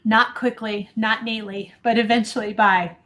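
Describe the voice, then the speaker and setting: A woman's voice: fairly high pitch, little pitch movement, normal speed, fairly bright tone, slight background noise. A woman hosting a talk show in a studio, reading a text aloud with earnest feeling and breaking into casual chat. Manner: earnest, gets emotional while reading. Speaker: show host.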